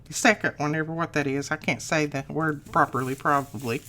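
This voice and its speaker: A woman's voice: deep voice, fairly even intonation, fairly quick, sharp tone. An older woman, chatting casually and folksily while she walks through a crafting tutorial, thinking aloud as she works. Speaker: crafting channel host.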